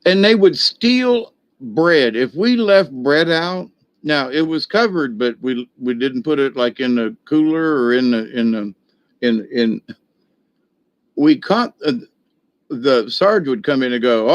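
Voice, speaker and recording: An older man spins a loose, folksy story in a rambling monologue, his voice sitting at an average pitch. The sound is dry and close, with no room echo. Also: animated, takes it slowly. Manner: folksy, rambling, many fillers and restarts. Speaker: video host.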